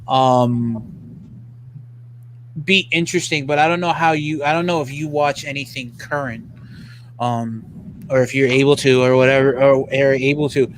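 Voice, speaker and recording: A man's voice: on the high side, a little hiss or hum, poor audio. A man rambling casually with lots of fillers as a co-host. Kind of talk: casual chat.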